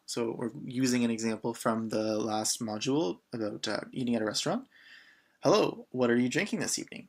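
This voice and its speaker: A man teaching an online beginner lesson in a relaxed way, with frequent fillers. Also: mid-range voice, brisk. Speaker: language teacher.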